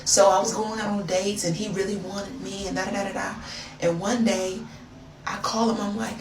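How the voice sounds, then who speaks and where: A woman's voice: mid-range voice, steady tone, normal speed, reverberant, recorded from a distance, noisy background. An American woman telling a wild story in a casual, gossipy way, calling the listener girl. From United States.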